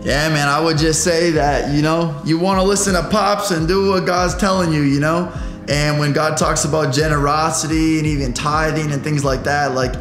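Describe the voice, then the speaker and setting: A man's voice: fairly high pitch, moderate pace. A young man, a guest, telling a story in a casual interview and acting out the voices of the people in it. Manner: animated, acts out quoted voices. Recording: echoey room with music bed.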